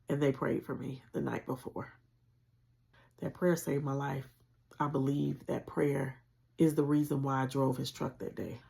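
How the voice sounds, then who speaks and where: A woman telling a painful personal story on a livestream, speaking earnestly and conversationally with deep spiritual conviction. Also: vocal fry, mellow. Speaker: channel host sharing a personal story.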